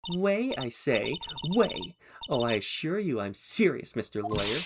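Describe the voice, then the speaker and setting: A man's voice: medium pitch, sing-song, measured pace, noisy background. A man voicing a brash, sly young woman witness who whines petulantly and sneers at the lawyers. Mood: smug taunting. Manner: pouty, baby-talk whining, then sneering. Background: game music.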